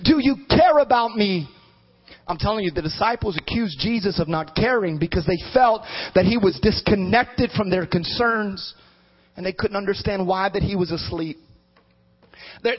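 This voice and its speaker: A man with a strikingly high voice preaches a sermon as a bishop, rising into fervent shouts and then dropping to quiet asides. The recording is dull and lo-fi. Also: slightly rough. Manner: emphatic preaching, swinging from shouts to low asides.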